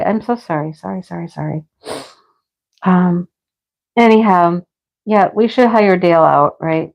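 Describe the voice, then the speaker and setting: A woman's voice: lowish voice, lo-fi sound. A woman hosting a casual craft livestream, chatting and laughing as she answers viewers by name. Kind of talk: casual live chat with viewers.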